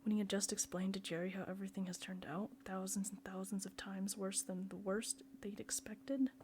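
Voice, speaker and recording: A woman reading a novel aloud in a soft, often near-whispered way. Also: medium pitch, little pitch movement, a little fast, a little hiss or hum. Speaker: reader.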